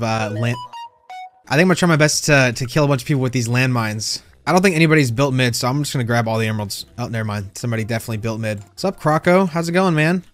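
A man doing casual gameplay commentary, teasing other players and yelping when surprised. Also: mid-range voice. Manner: playful trash talk to other players, sudden excited yelps. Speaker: gaming YouTuber.

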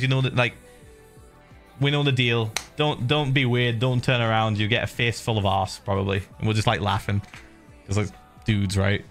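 A man streaming, telling a story in an animated way, swearing and laughing freely. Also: fairly low pitch, normal speed, gravelly, faint music behind. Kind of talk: animated storytelling to a live chat.

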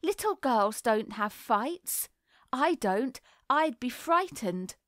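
A woman's voice: on the high side, lively intonation, slow, a bit bright, dry recording, clean studio sound. A woman reading the part of a timid, prim little girl who whimpers and complains. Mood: whimpering. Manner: whimpering, plaintive. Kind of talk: audiobook character reading.

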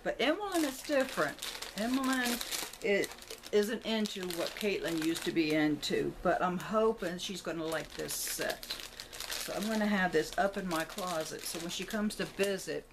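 A woman with a somewhat low voice talks casually to a camera set up on a tripod in her home, rambling and thinking aloud as she shows off her shopping haul. The recording carries a steady, clearly audible noise in the background. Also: moderate pace. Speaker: vlogger showing a shopping haul. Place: indoors at home, room with a closet.

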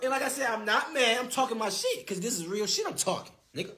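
A man's voice: very high-pitched, expressive, fast talker, sharp tone. A young man trash-talking rivals on a phone live stream, brash and taunting, often laughing and repeating himself. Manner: brash, taunting, repetitive, laughs mid-sentence. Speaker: boxer on a social media live stream.

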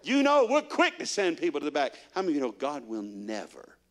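Animated preacher man in his sixties. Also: fairly high pitch, fairly quick. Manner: animated storyteller, quizzing the congregation with repeated questions. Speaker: guest preacher. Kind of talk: sermon. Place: church.

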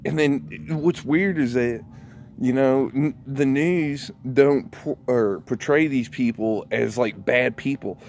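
Slow, profane rambling man. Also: medium pitch, darkish tone, a little hiss or hum. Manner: profane, rambling, laughs often. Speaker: vlogger. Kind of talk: casual rant to camera.

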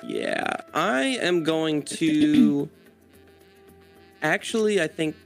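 A man's voice: on the high side, drawn-out words, creaky, faint music behind. A young man in casual gaming chat, laughing, swearing and rambling through stories. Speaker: gamer.

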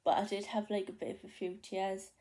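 A young Geordie woman chats to her camera and tells a long story from her day, looping back with plenty of ums, likes and restarts. Her voice is mellow and soft, never sharp. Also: mid-range voice, level tone, fairly quick. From North East England. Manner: rambling, many fillers and restarts. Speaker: vlogger. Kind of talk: casual chatty storytelling.

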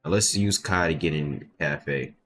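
Deep-voiced man doing gameplay commentary. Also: moderate pace, soft background music. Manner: casual, reads game text aloud, sudden loud outbursts. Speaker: gameplay video host. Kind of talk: gaming commentary reading dialogue aloud.

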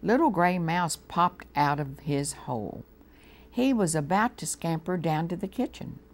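A woman with an American accent reading a storybook aloud to children on a TV show, slow and gently expressive. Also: fairly low pitch. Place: TV studio.

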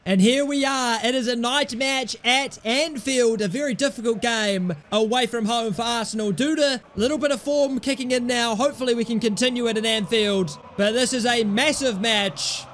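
A young man commentating his own football video game, cheering loudly at goals and swearing at his players. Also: very high voice, normal speed, few pauses, a little hiss or hum. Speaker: gaming YouTuber. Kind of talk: excited gameplay commentary.

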